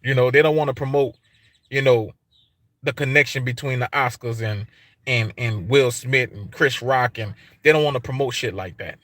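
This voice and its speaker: A man's voice: medium pitch, moderate pace, fairly bright tone, no room sound. A man with an African American English accent ranting on his livestream in a casual, profane way, repeating himself for emphasis. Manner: repetitive, emphatic, heavy swearing, street slang. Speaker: YouTube livestream host.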